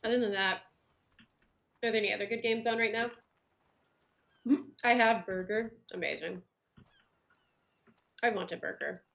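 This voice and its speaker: A woman's voice: medium pitch, a little slow, vocal fry, long pauses, a bit bright. Chatty woman streaming a game. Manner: chatty, filler-heavy, laughs often. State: eating while talking. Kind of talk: casual livestream chat while gaming.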